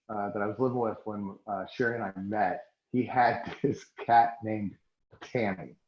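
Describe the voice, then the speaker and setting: A man in his forties from Oklahoma, hosting a podcast and telling stories in casual chat, swearing freely and laughing as he goes. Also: lowish voice. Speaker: podcast host. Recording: echoey room, dull lo-fi sound.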